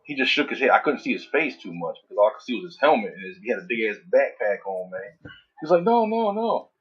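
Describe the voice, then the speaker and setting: Two guys shooting the breeze, and this one has the floor. He is a man in his thirties, somewhat husky, recorded on a dull lo-fi mic. He tells his stories with big animated swings and plenty of swearing. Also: fairly low pitch, fast talker. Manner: animated storytelling with heavy swearing. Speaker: podcast co-host. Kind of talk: casual chat. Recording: dull lo-fi audio.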